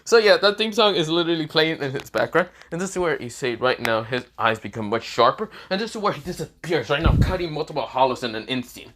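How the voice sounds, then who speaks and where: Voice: medium pitch, expressive, fast, hardly any pauses, fairly bright tone, slight background noise. A casual, rambling narrator who retells a fan-fiction story off the cuff. The delivery leans on fillers and restarts and often stops to correct itself.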